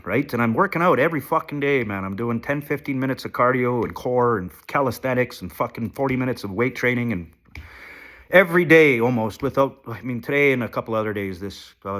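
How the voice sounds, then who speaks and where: Vlogging on a handheld phone while sick and shaky, a man with blocked sinuses speaks a little fast in an expressive, mid-range voice with a fairly bright tone. He rambles, swears and makes fun of himself in a casual confessional.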